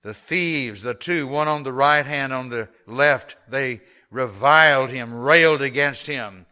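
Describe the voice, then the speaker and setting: A middle-aged man preaches to his congregation in an earnest, measured way. He takes his time and leans on each line of scripture. His voice is bright and forward, and his pitch sits in a normal middle range. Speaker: pastor. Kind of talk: sermon.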